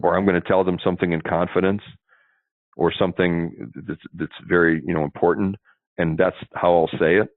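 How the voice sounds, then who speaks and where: A man's voice: sits low, level tone, fairly quick, dry recording. A man giving sales advice in an interview, chatty and explanatory, often checking in with "see?". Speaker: sales trainer, interview guest. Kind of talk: instructive interview talk. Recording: tinny phone line.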